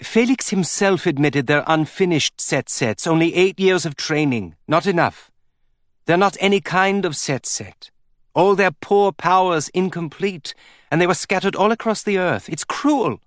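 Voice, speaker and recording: A man's voice: wildly swooping pitch, fast, hardly any pauses, a bit bright, dry recording, studio quality. A man reading an audiobook, voicing a young princess who pleads through tears. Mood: tearful. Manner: high, pleading delivery.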